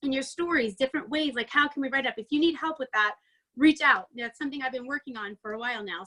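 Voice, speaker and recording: A woman coaching her sales team in a chatty, excitable motivational talk, a little out of breath, peppering it with "like" and "right?". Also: sits high. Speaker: network marketing team coach. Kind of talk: energetic motivational training talk.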